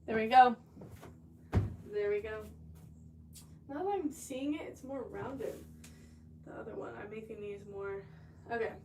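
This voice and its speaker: A woman ceramic artist talks casually and a bit scatterbrained to her livestream viewers while she works. Her voice sits a little high and comes from some distance off the mic. Clear noise hums behind her in the studio. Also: normal speed, pauses often. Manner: chatty, scattered, talks to chat while working. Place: pottery studio.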